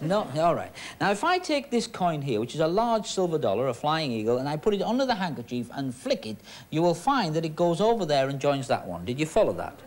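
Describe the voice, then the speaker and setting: A man's voice: a little high, slight background noise. A man performing magic with chatty, teasing patter for an audience. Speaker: stage magician.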